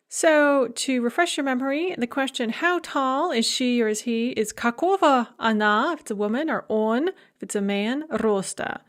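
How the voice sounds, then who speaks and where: A woman professor talks through a recorded lecture in a clear, explanatory way. Her voice sits a little on the higher side, and she speaks alone into a close mic.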